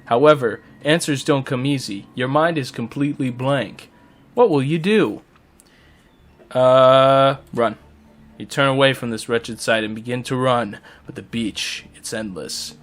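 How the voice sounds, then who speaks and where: A man co-hosting a comedy gaming podcast, narrating a game's text with playful, mock-dramatic flair. His voice sits at an ordinary, middle pitch for a man. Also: fairly bright tone. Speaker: podcast co-host.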